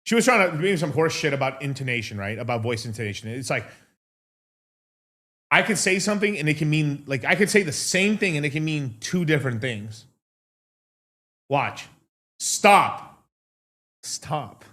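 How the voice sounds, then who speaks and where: A man's voice: a little high, big pitch swings, brisk, a bit bright. A man hosting a casual livestream, talking in a profane, rambling way and laughing often. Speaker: host.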